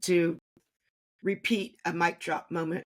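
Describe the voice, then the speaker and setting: A woman's voice: on the low side, little pitch movement, slow pace. A woman interviewing a guest, responding reflectively and thinking aloud with small restarts. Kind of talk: conversational interview.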